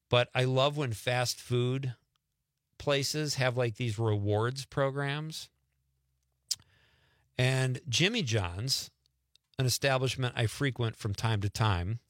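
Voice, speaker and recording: A man's voice: medium pitch, a bit bright, no room sound, studio quality. A man hosting a radio show in casual, joking chat, often laughing. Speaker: radio host.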